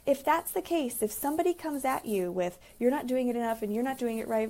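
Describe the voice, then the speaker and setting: A woman therapist and relationship coach talking casually about boundaries, acting out quoted conversations with lively emphasis. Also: a little high, fairly quick. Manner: animated, acts out quoted dialogue. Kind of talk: casual advice monologue.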